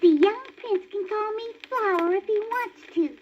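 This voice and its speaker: A woman voicing a shy, gentle young male skunk in a storybook record, soft and bashful. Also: very high-pitched, measured pace, pitched above the performer's own voice. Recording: dull crackly old vinyl record.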